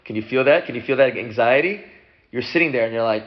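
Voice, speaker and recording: A man's voice: fast, slight background noise. A man, a rabbi, casually teaching a class and acting out the people in his story. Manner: animated, acts out characters with big pitch jumps. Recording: dull lo-fi room recording.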